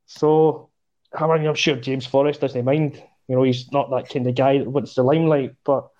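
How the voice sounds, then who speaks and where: A man, a guest on a football podcast, talking in a relaxed, rambling way. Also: medium pitch, normal speed, dull audio. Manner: relaxed, rambling, laughs easily. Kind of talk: casual football chat.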